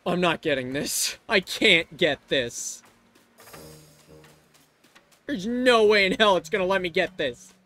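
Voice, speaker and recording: A woman live-streaming a video game, excitable and swearing as she talks to a creature on screen. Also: lowish voice, takes it slowly, pauses often, soft background music. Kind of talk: live-streamed let's play.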